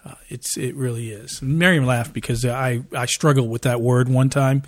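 A middle-aged man co-hosting a podcast in casual chat, a rambling storyteller who gets animated and laughs often. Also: mid-range voice, moderate pace. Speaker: podcast co-host.

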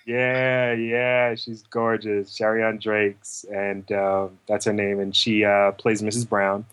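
A man's voice: takes it slowly, smooth. A male actor talking casually in an interview, telling stories and acting out the other people's voices. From lived in New York. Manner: animated, acts out quoted voices in higher pitch. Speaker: actor guest.

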